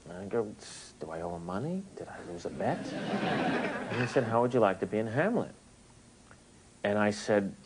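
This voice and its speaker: A man's voice: low-pitched, a little mellow, slight background noise, low-quality recording. A man with a whiny Bronx accent, telling a comic anecdote in an interview and acting out the dialogue. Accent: New York Bronx. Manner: comic storytelling, acts out dialogue. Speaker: actor interviewed.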